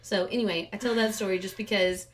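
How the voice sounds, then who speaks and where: A woman co-hosting a podcast in casual chat, telling stories in an animated way and laughing as she talks. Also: medium pitch, quick pace. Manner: animated storyteller, laughs while talking. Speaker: podcast co-host.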